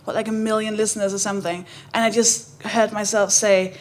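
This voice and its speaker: A woman's voice: medium pitch, level tone, fairly quick. A woman co-hosting a comedy podcast, telling a blunt, cheeky story to a live audience with laughter in her voice.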